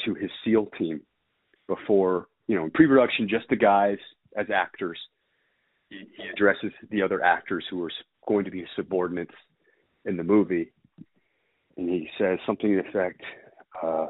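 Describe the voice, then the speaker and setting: A man's voice: low voice, slightly rough, dry recording. A man casually telling a rambling story, swearing freely and stumbling over details. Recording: dry phone-like sound.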